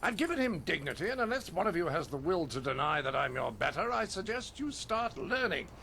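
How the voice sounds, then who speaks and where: A pompous nobleman who talks down to everyone around him. His voice sits high and swings widely in pitch. A faint game ambience hums underneath. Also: big pitch swings, fairly quick, vocal fry, bright, forceful tone, a little hiss or hum, exaggerated voice. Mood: haughty. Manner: pompous, condescending. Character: pompous foreign nobleman, haughty and scornful.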